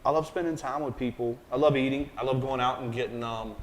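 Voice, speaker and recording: A man with a Southern American accent, a private chef chatting in an interview, animated and rambling, joking and swearing casually. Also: mid-range voice, quick pace, low-quality recording.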